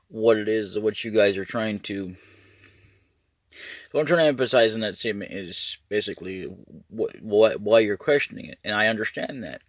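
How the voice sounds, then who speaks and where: Guy w a lowish voice talking to his viewers, rambly, restarts a lot, dry close sound. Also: dry recording. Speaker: YouTuber. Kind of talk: casual rambling update video.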